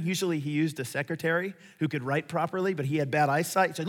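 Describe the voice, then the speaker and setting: A man preaching a sermon, telling stories in a lively way and acting out the voices of the people he quotes. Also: fairly high pitch, fast, hardly any pauses. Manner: animated storytelling, acts out quoted voices. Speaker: pastor. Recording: echoey hall reverb.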